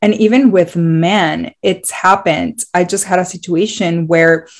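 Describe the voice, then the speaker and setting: Woman, casual podcast talk, lower voice, emotional, rambling. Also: fairly even intonation, unhurried. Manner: open and emotional, rambling with many "like"s.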